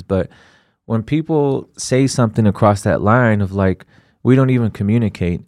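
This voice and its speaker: A man with a fairly low voice co-hosting a podcast. He talks in an easy, reflective way, wandering off into asides. The recording is dry and close to the mic. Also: gravelly, a little mellow, dry recording. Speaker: podcast co-host. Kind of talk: casual podcast chat.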